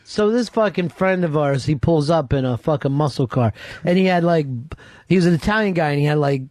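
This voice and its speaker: A man hosting a radio talk show, telling profane, animated stories from his past. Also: a little high, brisk, no room sound. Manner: animated, swears constantly, acts out voices in stories. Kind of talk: profane storytelling chat. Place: radio studio.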